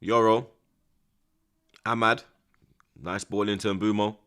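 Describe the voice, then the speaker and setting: A young football watch-along streamer speaks in a smooth, lowish voice at a slow pace. Watching the match live, he commentates excitably with lots of slang, alternating between hushed mutters and loud outbursts.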